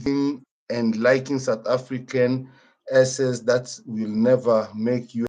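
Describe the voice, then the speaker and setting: A man's voice: medium pitch, fairly even intonation, measured pace, darkish tone. A man from Angola, indignant and heated, giving a live-stream tour of his house while swearing and repeating himself. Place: walking through his house.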